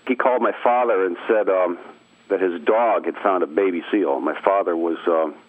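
At a moderate pace and in a deep voice, a middle-aged Maine man acting as a radio interview guest shares a family story by phone. He keeps it easygoing, with plenty of chuckles, and the recording is dry over a tinny telephone line.

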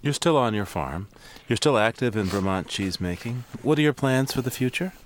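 A man interviewing guests, asking measured, probing questions. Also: medium pitch, expressive, a little hiss or hum. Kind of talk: broadcast interview.

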